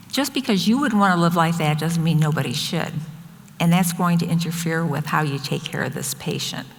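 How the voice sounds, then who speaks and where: A woman's voice: fairly low pitch, a little fast. Older woman telling stories in a hall. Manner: anecdotal, quotes others in lively voices. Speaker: nurse and speaker. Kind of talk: storytelling talk. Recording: long hall reverb.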